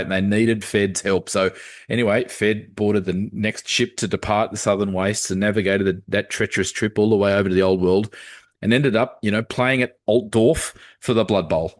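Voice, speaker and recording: An Australian man hosting a podcast, telling stories in a rambling, casual way and often repeating words. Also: fairly low pitch. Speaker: podcast host. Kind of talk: casual storytelling chat.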